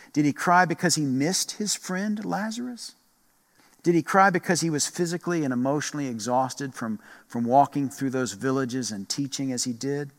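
Slow, reflective male preacher. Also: medium pitch, long reverb tail. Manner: slow, reflective, repetitive phrasing with pauses. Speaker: pastor. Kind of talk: sermon.

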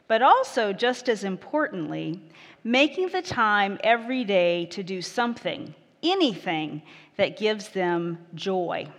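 A woman pastor reads scripture and preaches at a measured, gentle pace. Her voice sits in a middle register. A long reverb from the church hall trails behind each phrase. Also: mid-range voice. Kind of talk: scripture reading and sermon.

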